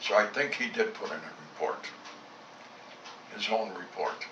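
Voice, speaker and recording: A man's voice: on the low side, normal speed, noisy background. An older man, a former fighter pilot, recounting his wartime memories in a blunt, salty way, acting out both sides of old conversations. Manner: blunt, salty storytelling with reported dialogue. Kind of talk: recorded war reminiscence. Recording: roomy, dull home tape recording from a distance.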